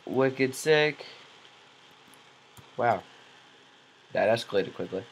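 A man doing goofy, excitable let's play commentary, yelling reactions and cracking self-mocking jokes. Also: mid-range voice, drawn-out words, a little hiss or hum, low-quality recording. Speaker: gaming commentator.

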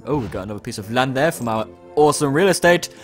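Quick and mid-range with lively intonation, a young man hosts a let's play, commenting casually over soft background music. He chats along, reading the game's lines out loud and tossing in playful exclamations.

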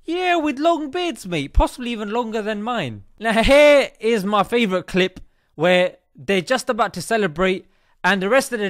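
A man's voice: high-pitched, a bit bright, no echo, studio quality. A man hosting a satirical comedy commentary, cheeky and jokey, calling everyone mate. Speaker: comedy host.

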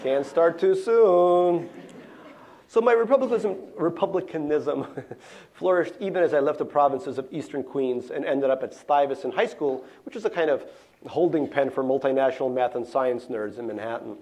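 Reading from his own memoir in a lecture hall, a middle-aged man from Russia speaks at medium pitch and a little fast. His delivery is dry and deadpan, broken up by brief asides.

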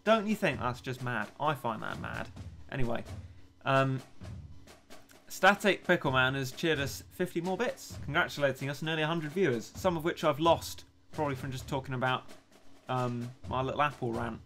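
A man's voice: mid-range voice, normal speed, gravelly, pushed and bright, soft background music. A young man streaming a game, chatting casually and ranting in a self-mocking way between reading out chat messages. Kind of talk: casual live-stream chat while gaming.

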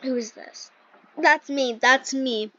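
A woman's voice: high voice, slow, a bit bright, slight background noise. A woman hosting a gaming channel, chatting casually and giggling through gameplay commentary with lots of "like" fillers. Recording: dull lo-fi dry sound.

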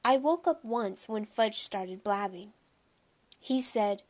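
A woman reads a children's audiobook aloud in the first person. Her voice sits in the middle of the range, and she tells the story in a steady, clear way. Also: medium pitch, slow pace. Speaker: audiobook narrator.

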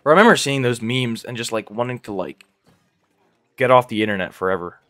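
A man's voice: medium pitch, a little fast, fairly bright tone, no room sound. A young man streaming a game live, chatting casually and rambling, calling everyone "bro". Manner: rambling, slangy, says "bro" constantly, laughs often. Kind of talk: casual live gameplay chat.

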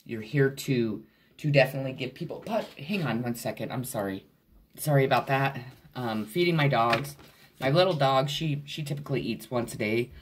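A man's voice: medium pitch, normal speed, slight background noise. A man giving a casual tarot reading to camera at home, talking bluntly and swearing freely to the viewer. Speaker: tarot reader.

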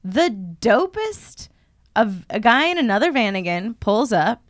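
A woman's voice: a little high, unhurried, no room sound, clean studio sound. A woman co-hosting a podcast, telling a long story in casual chat and acting out the people in it. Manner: animated storyteller who acts out the people in her story. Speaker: podcast co-host. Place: podcast studio.

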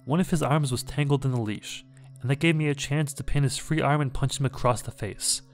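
A man reading a scary story aloud in a measured, dramatic way. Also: mid-range voice, faint music behind. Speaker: horror story narrator. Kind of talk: scripted horror story narration.

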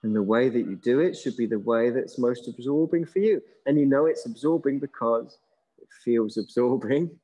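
A man's voice: mid-range voice, normal speed, poor audio. Man leading a yoga class. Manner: relaxed, musing, with chuckles. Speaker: yoga teacher. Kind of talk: guided yoga class instruction.

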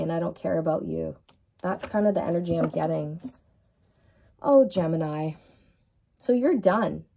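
Brief: woman tarot reader with a low, warm voice, gently affirming and repeating her reassurances. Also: normal speed, creaky. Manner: soothing, affirming, repetitive. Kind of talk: tarot card reading to viewers.

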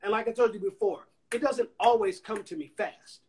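Heard through a phone on Instagram Live with a little hiss or hum, a songwriter and producer from Anniston, Alabama, tells long anecdotes at normal speed in a relaxed interview. His voice is notably high, and he animatedly acts out the people he quotes.

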